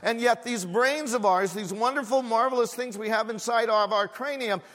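A man's voice: very high-pitched, moderate pace, a bit bright. A man preaching a sermon as a pastor, repeating phrases with growing fervor. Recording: echoey hall with long reverb.

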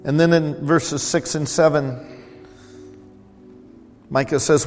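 A man's voice: on the high side, fairly even intonation, takes it slowly, pauses often, in a large hall, soft background music. A male pastor preaching a sermon in a church, with a conversational style that keeps repeating words for emphasis. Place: church sanctuary.

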